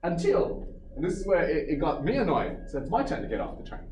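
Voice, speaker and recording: A man casually telling a travel story, animated and laughing often, acting out what people said. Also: fairly high pitch, fast talker. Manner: animated, acts out quotes, laughs a lot. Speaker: storyteller recounting a trip. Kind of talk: casual anecdotal chat. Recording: roomy echo, distant mic, background noise.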